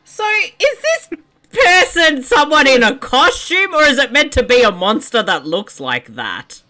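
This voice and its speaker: A woman trades loud, laughing reactions with friends during a movie. Her pitch leaps all over the place and she takes her time with words. The voice is bright and sits a little high. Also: big pitch swings, a little slow. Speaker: co-host watching a movie. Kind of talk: casual group chat over a movie.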